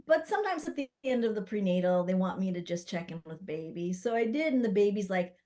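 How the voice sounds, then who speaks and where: A middle-aged woman, a doula, telling stories in a casual interview, animated and full of fillers as she acts out what others said. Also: mid-range voice, fairly quick, hardly any pauses. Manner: animated, acts out quoted voices with many fillers. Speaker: guest, doula and spirit baby psychic.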